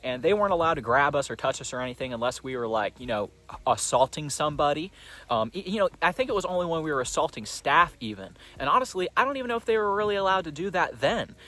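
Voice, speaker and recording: A man's voice: fairly high pitch, lively intonation, fast talker, sharp tone. A young man rambling through a casual storytime monologue, profane and full of fillers.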